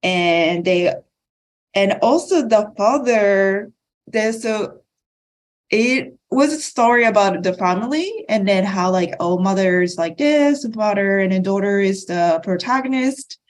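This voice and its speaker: A woman from Okinawa, a guest on a podcast panel who explains her points in a thoughtful, measured way. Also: mid-range voice, expressive. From Okinawa, Japan. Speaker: guest speaker.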